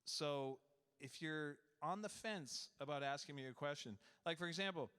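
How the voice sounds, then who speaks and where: A man's voice: a little high, moderate pace, a bit bright, smooth. A man talking at a convention panel, chatty and joking with the crowd. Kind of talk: live panel chat. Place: convention hall panel room.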